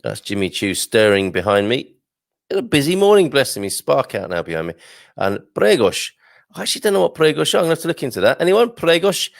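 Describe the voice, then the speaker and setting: A man's voice: mid-range voice, big pitch swings, fast talker, vocal fry, no echo, clean studio sound. A man hosting a casual live stream, chatting and reading aloud with rambling asides. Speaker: host.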